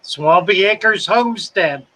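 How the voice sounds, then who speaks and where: A man from South Carolina hosts a live stream in a relaxed drawl. His voice sits high and bright, and he talks slowly while chatting through viewer comments. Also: low-quality recording. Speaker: host of a live fish-keeping stream. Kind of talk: casual live-stream chat reading comments.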